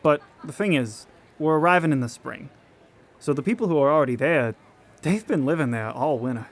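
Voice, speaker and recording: A man's voice: a little high, a little fast, natural voice. A man playing an eager Antarctica-bound traveler. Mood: excited. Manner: excited, chatty. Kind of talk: theatrical monologue.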